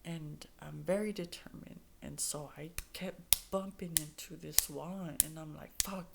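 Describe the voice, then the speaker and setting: Gravelly low-voiced woman just venting on camera, blunt, swears, rambles a lot. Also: steady tone, unhurried, noisy background. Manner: blunt and straightforward, swears freely; rambling, with many restarts and fillers. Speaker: vlogger sharing her life. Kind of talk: candid personal monologue.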